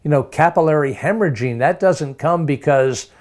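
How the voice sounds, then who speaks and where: A man's voice: on the high side, normal speed, a little mellow. A man preaching a sermon, emphatic, piling up rhetorical questions and repeating words for stress.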